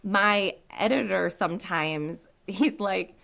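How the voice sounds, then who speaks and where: A woman's voice: medium pitch, slow, creaky, a bit bright. An American woman author talking animatedly as a guest on a podcast, laughing often. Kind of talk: podcast interview.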